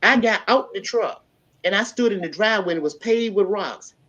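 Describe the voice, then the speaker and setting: Lady telling a wild story on a panel, lively, gets loud when quoting. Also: medium pitch, fairly quick, lo-fi sound. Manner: animated, builds to loud acted-out quotes. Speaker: panel guest. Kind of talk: storytelling in casual chat.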